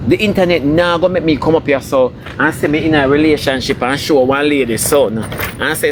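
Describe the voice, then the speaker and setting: A man with a Jamaican accent lectures and scolds in a preachy rant, hammering his points home by repeating them. His voice sits a little high for a man. The recording is noisy, with street sounds and passing vehicles clearly heard behind him. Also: brisk. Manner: scolding, preachy, emphatic repetition. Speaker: entertainer ranting online. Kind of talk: ranting commentary.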